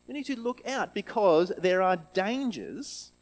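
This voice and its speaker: A man reads scripture in a slightly high voice, then turns to the children with an animated, questioning talk. He takes it slow and leads them in call-and-response, leaning on each key phrase. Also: low-quality recording. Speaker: church children's talk leader.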